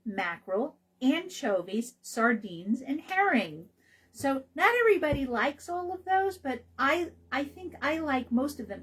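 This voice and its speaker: Chatty woman naturopath with a husky voice. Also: high-pitched, a bit bright, poor audio. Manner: chatty, rambling with fillers and restarts. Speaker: naturopath radio host. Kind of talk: casual health talk.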